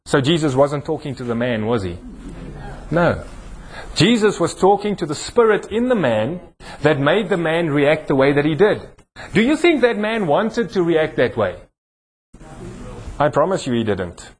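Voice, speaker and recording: A male pastor with a South African accent delivers a sermon in a church hall, cracking jokes and teasing a volunteer. He speaks on the high side, very animated but a little slow, leaving long pauses, and his preaching builds in emphasis.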